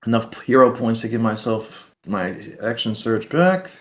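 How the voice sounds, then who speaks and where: A man describes his moves in a tabletop game, chatty and a little hesitant. His voice sits at a plain middle pitch. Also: expressive, a little slow. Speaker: player.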